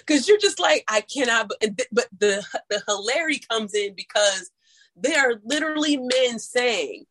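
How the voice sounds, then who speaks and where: A woman from St. Louis with a St. Louis accent, telling stories in casual chat, animated and laughing, with big leaps in pitch. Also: normal speed, poor audio. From St. Louis, USA. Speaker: storyteller guest.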